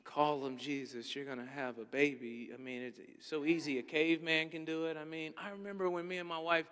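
A man's voice: a little high, steady tone, a little fast, a bit bright, clean tone. A man preaching a comedic sermon, joking and acting out back-and-forth dialogues with God. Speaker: pastor. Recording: reverberant hall.

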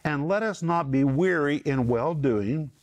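A middle-aged man teaching from the Bible on a talk program, emphatic and repeating key phrases with slow stress. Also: fairly high pitch, expressive.

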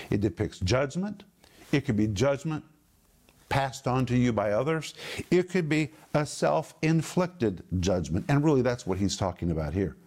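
A man's voice: medium pitch, darkish tone. A man teaching a Bible lesson as a sermon, stressing points emphatically, repeating phrases and explaining Greek words.

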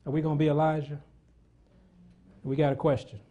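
Man, sermon, preacher, higher pitch, call-and-response questions to the congregation. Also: little pitch movement, brisk, mellow, dull audio. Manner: calls out questions to the congregation and reads scripture aloud.

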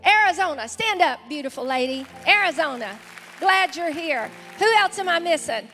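A woman pastor with a Southern accent welcomes visitors from the pulpit during a live church service, enthusiastically calling out to the congregation in a large sanctuary. Her high voice is pushed and bright, with lively intonation at a normal speed. Music and crowd can be heard, and it has a big-room sound.

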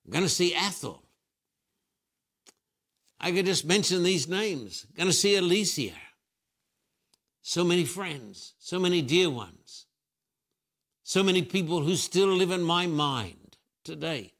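A man's voice: sits high, lively intonation, measured pace, pauses often, fairly bright tone. An older man, a Christian preacher answering questions with emphatic, repetitive preaching. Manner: emphatic preaching with repeated phrases. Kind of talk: fervent spiritual interview answers.

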